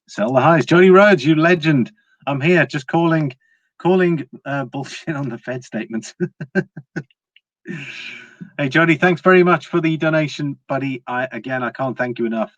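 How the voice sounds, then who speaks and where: A man's voice: mid-range voice, no echo, lo-fi sound. A man hosting a casual livestream, chatting to viewers, laughing often and restarting his words. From Britain. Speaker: livestream host.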